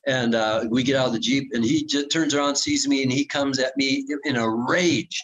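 A man in his sixties recounting his reporting days as a guest on an interview show. His pitch sits in the middle for a man. He tells the story with lively energy, hesitates with frequent fillers, and slips into the voices of the people in it. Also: lo-fi sound. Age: 60s. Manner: animated, acts out quoted voices, many filler pauses. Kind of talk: casual anecdotal storytelling.

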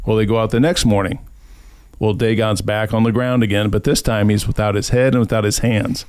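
A man's voice: fairly low pitch, fairly quick, clean tone, no echo. A man hosting a podcast, casually retelling a scripture story and acting out the people's voices in quotes. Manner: animated storyteller who acts out voices in quotes. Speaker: podcast host.

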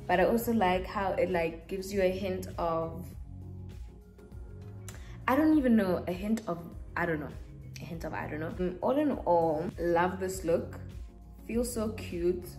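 A young woman talks in a loose, chatty way, with a voice at an ordinary middle pitch. She tells stories with life and acts out what others said. Soft music plays faintly behind her. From South Africa. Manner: chatty and animated, acts out quotes. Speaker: beauty vlogger. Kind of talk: casual storytelling chat.

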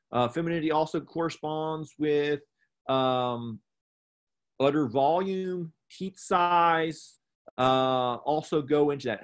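A man of middle pitch walks learners through livestock judging in a plain, methodical classroom manner. He pauses on fillers and corrects himself mid-sentence as he explains. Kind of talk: instructional explanation.

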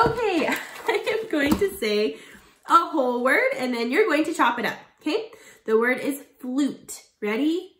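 A woman teacher leading a phonics lesson for children, sounding out words slowly and encouraging her viewers. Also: high-pitched, very animated, a bit bright, a little hiss or hum. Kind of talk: early reading lesson for children. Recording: echoey room.

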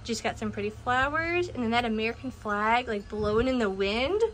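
A woman's voice: a little high, normal speed, fairly bright tone, a little hiss or hum. A woman giving a casual home decor walkthrough outdoors on her front porch. She talks in a chatty, upbeat way and laughs often.

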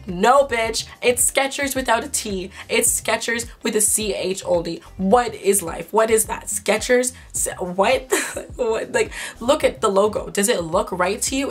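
A young woman vlogging casually to camera, excitable and incredulous, with a sore throat. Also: on the high side, husky. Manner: excitable, swearing, laughing, incredulous.

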